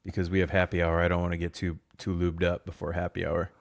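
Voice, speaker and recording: A man's voice: sits low, monotone, quick pace, creaky, dry recording. A man co-hosting a podcast, telling rambling stories in casual chat and laughing often. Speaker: podcast co-host.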